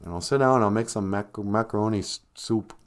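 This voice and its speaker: A man's voice: lowish voice, brisk, natural voice. A man voicing an exasperated, poor mother who nags and scolds her son in a told folktale. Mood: scolding. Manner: scolding, nagging.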